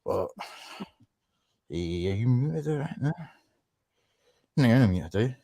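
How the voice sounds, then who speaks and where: A man with a Scottish Highland accent hosting a livestream, talking casually in a sweary, sarcastic, rambling way. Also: animated, slow pace, vocal fry, mellow. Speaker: livestream host. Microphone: computer microphone.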